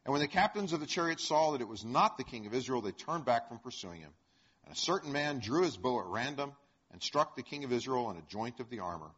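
A man teaching a Bible lesson, retelling the story in a conversational, animated way with chuckles. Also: mid-range voice, quick pace, husky. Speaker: preacher. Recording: dull lo-fi recording.

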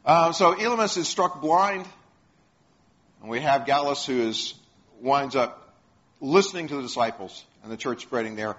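A man's voice: medium pitch, animated, normal speed, fairly bright tone. A man preaching a sermon, retelling stories and putting questions to the congregation. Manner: storytelling, asks the congregation questions. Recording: dull lo-fi sound.

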